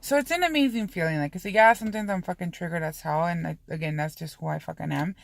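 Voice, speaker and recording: A woman's voice: lowish voice, fast, gravelly. A woman vlogging in a casual, confessional way, rambling candidly with frequent swearing and lots of "you know" and "um". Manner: heavy use of fillers like "you know" and "um".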